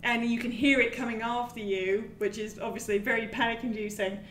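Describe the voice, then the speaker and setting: A woman with a fairly high voice chats casually on a gaming podcast, animated and quick to swear as she tells her story. Her voice carries a roomy echo, with a faint hiss behind it. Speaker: podcast co-host. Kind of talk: casual chat about games.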